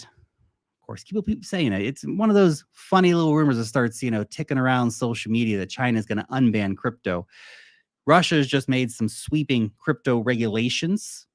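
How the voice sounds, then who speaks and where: A man's voice: mid-range voice, no room sound, studio quality. Chatty man riffing on crypto news. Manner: chatty and off-the-cuff, with asides and quick laughs; blunt and opinionated. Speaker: crypto channel host. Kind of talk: casual market commentary to camera.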